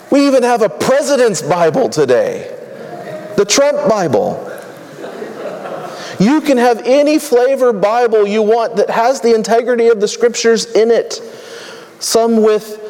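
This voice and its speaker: Man, high voice, casual joking sermon delivery, long hall reverb. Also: darkish tone. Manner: conversational, humorous, rattles off long lists. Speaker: preacher.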